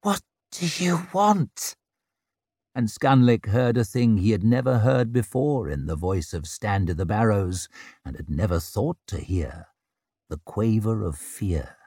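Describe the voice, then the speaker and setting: A man giving measured, grave narration of a dark fantasy audiobook. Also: lowish voice, breathy edge, no echo, clean studio sound.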